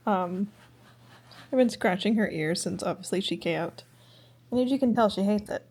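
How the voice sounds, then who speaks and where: A tired young woman vlogging casually to camera from her bedroom late at night, rambling and now and then dropping to a soft whisper. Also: medium pitch, moderate pace, pauses often, a little hiss or hum. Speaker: vlogger and streamer. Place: bedroom at home. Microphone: handheld vlog camera.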